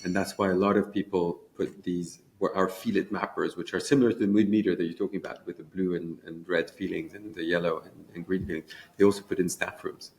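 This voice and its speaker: A fast, eager man talks about a program he built, often restarting his sentences. His voice sits a little low and carries a gravelly edge. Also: fairly even intonation, a little mellow. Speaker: education program creator. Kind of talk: conference interview chat.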